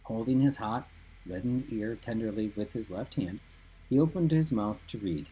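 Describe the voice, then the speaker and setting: A man reading a story aloud in an even storytelling manner. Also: lowish voice, normal speed, breathy edge, low-quality recording. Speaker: reader. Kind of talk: audiobook narration.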